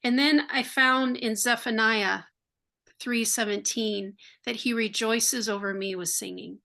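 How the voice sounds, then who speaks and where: An older American woman sharing her faith testimony as an interview guest, earnest and heartfelt, sometimes rushing through words. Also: a little high, steady tone, gravelly, pushed and bright. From United States. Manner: earnest and heartfelt, quick bursts.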